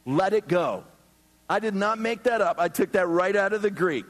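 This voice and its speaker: A man's voice: sits high, normal speed, in a large hall. A man preaching a sermon as a pastor to a few hundred people, joking and acting out the people in his stories. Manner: animated, joking, acts out quoted people. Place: church hall before a few hundred people.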